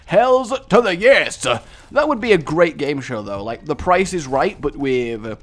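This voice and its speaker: Excitable jokey British gaming commentator. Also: male voice, mid-range voice, measured pace. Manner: excitable, jokey, sings and puts on voices. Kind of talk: let's play commentary.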